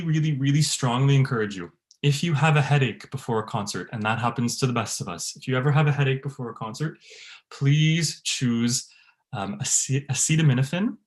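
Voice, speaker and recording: A man giving an online voice-care workshop to a choir, encouraging and demonstrating vocal sounds as he explains. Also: medium pitch. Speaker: voice teacher. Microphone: video call.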